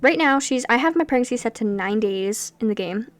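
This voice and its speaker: A young woman chatting casually over her gameplay, rambling from one thought to the next with animated asides. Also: a little high, a little fast, no room sound. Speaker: Sims gameplay creator.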